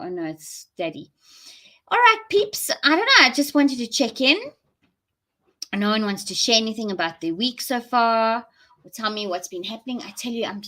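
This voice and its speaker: A woman's voice: mid-range voice, pushed and bright. A woman with a South African accent, chatting casually and rambling to viewers during a live stream, laughing often. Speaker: livestream host.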